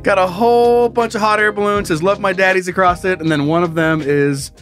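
A man hosting a casual comedy podcast, loud and laughing, breaking into shouted goofy bits. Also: high voice, steady tone, a little fast, faint music behind. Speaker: podcast host.

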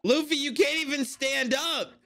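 A man reacting to an anime episode in casual commentary, excitable and swearing, exclaiming at the screen. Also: very high voice, moderate pace.

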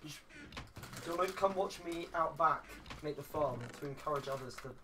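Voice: mid-range voice, a little fast. Chatty streamer on a distant mic. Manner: chatty, gives loud excited outbursts. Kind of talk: casual gaming chat. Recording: distant mic with steady background noise.

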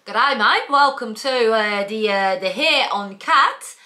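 A woman's voice: on the high side, expressive, slow, bright, forceful tone, heavily acted. A woman putting on a jokey mock Australian accent while presenting products. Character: exaggerated Australian woman hosting a barbecue.

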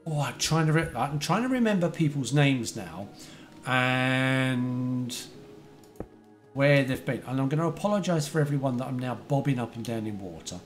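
A man's voice: medium pitch, animated, normal speed, soft background music. A man from the UK chatting casually to his viewers while playing a building game on a live stream. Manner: chatty, talks to chat viewers, remembers their details.

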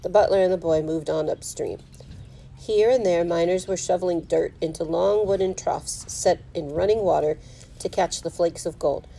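A teacher reading a children's novel aloud at home, in steady storybook narration. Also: female voice, lowish voice, moderate pace, creaky, a little hiss or hum, low-quality recording. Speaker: fourth grade teacher.

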